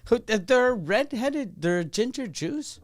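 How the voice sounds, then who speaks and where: A man co-hosting a comedy podcast, quick and sarcastic, often laughing between lines. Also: very high-pitched, lively intonation, no echo. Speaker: podcast co-host. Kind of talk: casual comedy podcast banter. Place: podcast studio.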